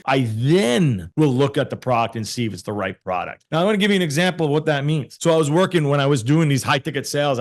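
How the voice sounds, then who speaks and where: A middle-aged man, a sales expert being interviewed, talking bluntly and emphatically, swearing freely and repeating words for emphasis. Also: on the high side. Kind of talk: emphatic casual talk.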